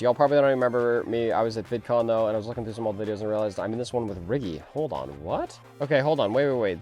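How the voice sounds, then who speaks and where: A young man doing casual reaction commentary, rambling and jumpy, often laughing and breaking into high shrieks of surprise. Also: a little mellow. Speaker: animator and video host.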